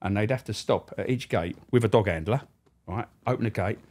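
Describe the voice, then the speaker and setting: A man's voice: lowish voice, brisk, a little mellow. A middle-aged man, a former prison officer, telling anecdotes as a podcast guest, swearing freely and acting out the people he quotes. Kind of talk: anecdotal storytelling.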